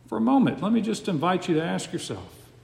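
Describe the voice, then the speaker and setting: A man preaching a sermon with a slow, emphatic cadence and dramatic pauses, recorded in a large church sanctuary. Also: high-pitched, big pitch swings, gravelly, a little mellow. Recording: echoey hall with long reverb.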